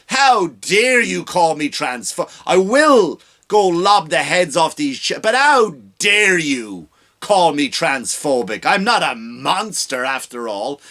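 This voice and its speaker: A man voicing a self-righteous young male space villain in a slow, indignant, mock-offended tone. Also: on the high side, sing-song, pushed and bright, voice pushed up, full character voice.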